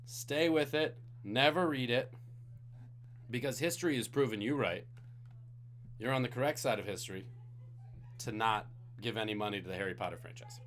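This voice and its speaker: A man's voice: medium pitch, moderate pace, long pauses, a bit bright. A man from Singapore hosting a live-streamed trivia night, reading questions with jokey, playful asides to the chat. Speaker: trivia host.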